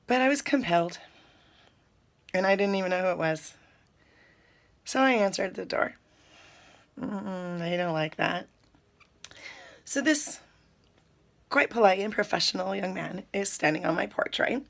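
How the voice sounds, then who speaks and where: Chatty woman with gravelly voice. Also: mid-range voice, a little slow, pauses often. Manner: chatty, animated storytelling, sips coffee while talking. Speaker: spiritual vlogger. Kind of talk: casual spiritual talk to viewers.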